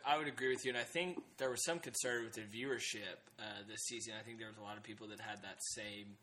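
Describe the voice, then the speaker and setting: A man's voice: fairly low pitch, fairly even intonation, fast, bright, forceful tone, a little hiss or hum. A man co-hosting a casual TV discussion podcast, talking hesitantly with many fillers and restarts. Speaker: podcast co-host.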